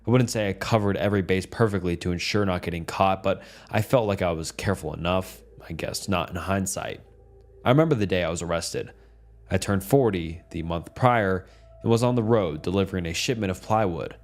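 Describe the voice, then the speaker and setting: Man, very deep voice, calm steady horror narration, scripted read. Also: fairly quick.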